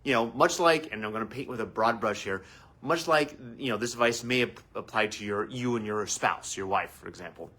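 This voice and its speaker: A man hosting a live advice talk as a family therapist, animated and acting out quoted voices. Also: lowish voice, a little fast.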